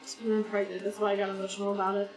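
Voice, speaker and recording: Woman streamer, rambling easy chat; mic set back in a roomy space, soft game music underneath. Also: medium pitch, completely flat delivery, racing, far from the mic. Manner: rambling, chatty, talks to chat viewers. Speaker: gaming streamer. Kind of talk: casual chat while playing a game.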